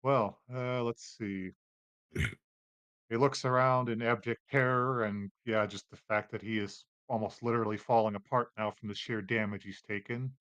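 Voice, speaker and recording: A man narrates a tabletop game as its game master, relaxed and unhurried, with plenty of fillers. The sound is dry and close to the mic. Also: lowish voice, no echo.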